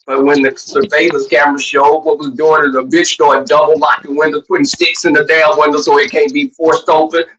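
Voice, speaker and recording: A livestream host in casual chat with the viewers, loud, profane and teasing, who shouts now and then and drawls some words while rushing others. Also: medium pitch, little pitch movement. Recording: roomy, distant, dull lo-fi sound.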